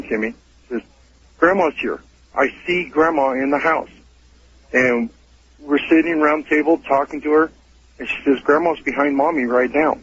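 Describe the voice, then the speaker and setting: A man's voice: medium pitch, fairly bright tone, slightly rough, muffled recording. A man, a father, calling in to tell a ghost story in a plain, matter-of-fact way. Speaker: caller. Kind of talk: telling a ghost story by phone.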